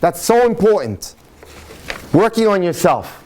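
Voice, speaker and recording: A rabbi lecturing to an audience in a room, his voice sitting a little high for a man. He tells jokes and stories in an animated way, rushing some phrases and stretching others for effect. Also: a little hiss or hum. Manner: animated storytelling, speeds up and slows down.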